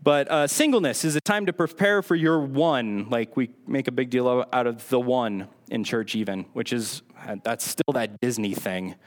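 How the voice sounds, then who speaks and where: A man's voice: mid-range voice, steady tone, normal speed, hardly any pauses. Sarcastic young man preaching casually. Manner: sarcastic, self-deprecating asides. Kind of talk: casual conversational sermon.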